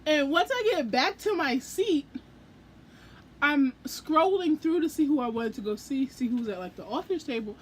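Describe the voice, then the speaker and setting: A woman's voice: high voice, moderate pace, a little hiss or hum. Gushing young woman book vlogger. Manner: gushing, excitable, acts out her own quoted reactions. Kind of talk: casual vlog storytelling.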